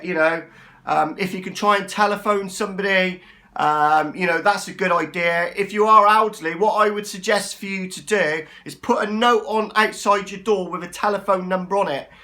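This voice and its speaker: A man in his forties vents into the camera from a cramped flat, his voice pitched high and sharp. He swears freely and keeps checking with his listeners with a "yeah?" or a "right?". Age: 40s. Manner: swears a lot, ranting, keeps asking "yeah?". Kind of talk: angry rant to camera. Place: small flat, indoors.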